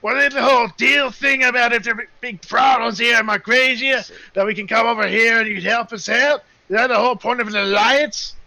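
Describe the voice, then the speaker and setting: A man voicing a loud, brash male tavern keeper who shouts his complaints. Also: very high voice, unhurried, pitched above the performer's own voice, exaggerated voice, low-quality recording. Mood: indignant. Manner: shouting, rough cockney-ish bluster.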